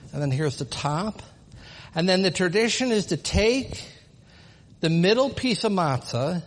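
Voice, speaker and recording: A man leading a live teaching demonstration before an audience, explaining patiently and asking rhetorical questions. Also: high-pitched. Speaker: presenter of a Passover seder demonstration. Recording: long reverb of a large hall.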